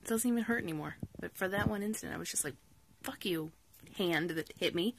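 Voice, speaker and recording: Chatty woman vlogging, low-pitched. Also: a little fast. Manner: chatty, upbeat and self-mocking. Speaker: book vlogger. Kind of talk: casual vlog chat to camera.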